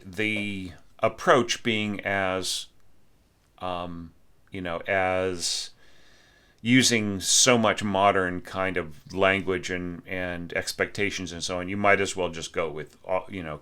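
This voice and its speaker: Halting, low-voiced male orchestration teacher. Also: sharp tone. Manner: halting, full of fillers and self-corrections, sings rhythms. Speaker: orchestration teacher giving feedback. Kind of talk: spoken score critique.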